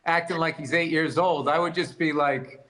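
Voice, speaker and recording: Brief: male podcast co-host, higher voice, bright and forceful, rambling jokey banter, echoey room. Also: normal speed. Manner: rambling, animated, jokey with bursts of laughter. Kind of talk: casual comedy podcast banter.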